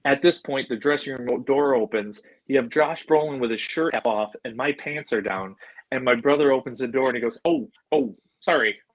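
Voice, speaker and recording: A man's voice: medium pitch, fairly quick, muffled recording. A middle-aged man from Buffalo, telling stories as a podcast guest in a loose, chatty way, full of "like" and "you know" and casual swearing. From Buffalo, New York, USA. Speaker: podcast guest, animal handler. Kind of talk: casual storytelling.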